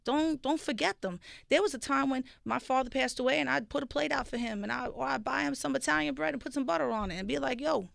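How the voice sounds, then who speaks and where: Casting: bright, slightly high woman, streetwise and animated, dry studio sound. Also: fast, vocal fry, hardly any pauses, dry recording. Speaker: psychic medium guest. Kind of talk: casual radio chat. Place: radio studio.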